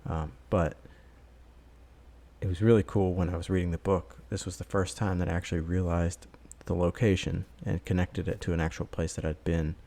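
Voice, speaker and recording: A man with a very low voice and a gravelly, fried edge talks his viewers through his footage in a loose, easygoing voice-over. He rambles a little and drops in plenty of "uh"s and "um"s as he goes. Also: moderate pace. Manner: rambling, relaxed, many filler words. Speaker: vlogger. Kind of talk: casual voice-over narration.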